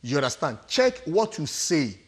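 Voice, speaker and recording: A man's voice: on the high side, very animated, normal speed. A man with a Nigerian English accent, giving emphatic relationship advice on a studio talk show. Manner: emphatic, acts out quotes, laughs often. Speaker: studio guest counsellor.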